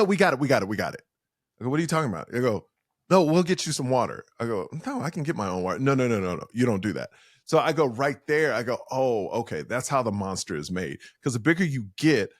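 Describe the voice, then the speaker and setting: Joining a podcast interview by video call, a comedian animatedly tells stories and performs the quoted dialogue of the people in them. He speaks in a mid-range voice, recorded with studio quality and no echo.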